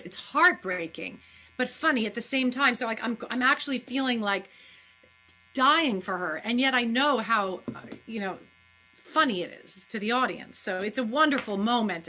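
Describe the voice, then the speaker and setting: Woman, guest actress in a Q&A; higher, bright voice, gushing. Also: animated, moderate pace, slight background noise. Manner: chatty, effusive, many fillers. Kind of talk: live-streamed Q&A.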